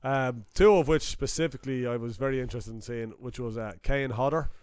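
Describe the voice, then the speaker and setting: Chatty man, smooth voice. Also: mid-range voice, fairly quick, darkish tone, no room sound. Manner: chatty storyteller, many fillers, laughs easily. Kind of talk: casual chat.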